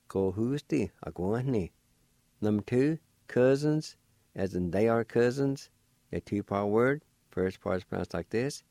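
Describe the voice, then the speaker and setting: Slow, deep-voiced man spelling words. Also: lively intonation, dark tone, dry recording. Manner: slow, deliberate, sounding out each syllable. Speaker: language teacher. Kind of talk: slow spelled-out language lesson on radio.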